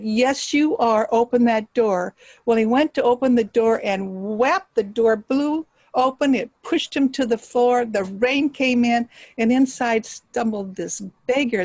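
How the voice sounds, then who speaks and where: A woman storyteller telling a folktale aloud, expressive and dropping to hushed tones for suspense. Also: on the high side, no room sound, rough recording. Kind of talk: live oral storytelling.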